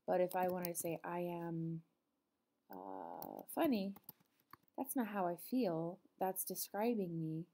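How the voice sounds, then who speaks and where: A middle-aged woman teacher talks through a recorded lesson in a patient, explanatory way, pausing often with ums. Her voice sits low and mellow, with a gravelly edge of fry. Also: lively intonation. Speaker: Spanish teacher.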